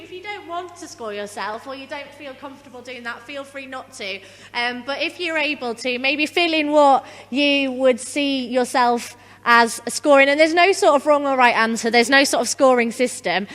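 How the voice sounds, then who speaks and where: A woman's voice: high voice, moderate pace, few pauses, a bit bright, slight background noise. A woman, giving a conversational workshop talk and drawing the audience in. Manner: chatty, engages the audience directly. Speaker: conference speaker leading a workshop. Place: conference hall. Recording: reverberant conference hall.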